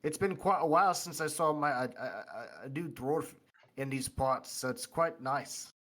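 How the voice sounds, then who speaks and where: A man's voice: a little high, moderate pace, a bit bright, pitched above the performer's own voice, natural voice. A man voicing a friendly, grateful male dwarf who talks heartily and rambles a little. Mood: hearty.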